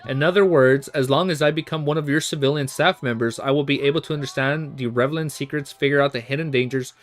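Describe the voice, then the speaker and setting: A man voicing a calm, aloof male church agent while reading a novel aloud, in an even reading manner. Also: mid-range voice, fast, close to an everyday voice.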